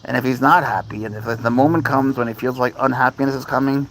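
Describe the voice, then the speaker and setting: A man with a gravelly, fry-heavy voice at a middling pitch, chatting loosely on a livestream. He rambles, talks to his cats and reads viewer messages aloud, over a faint hiss of background noise. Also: fairly even intonation, fast, low-quality recording. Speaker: livestream host. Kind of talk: casual livestream chat.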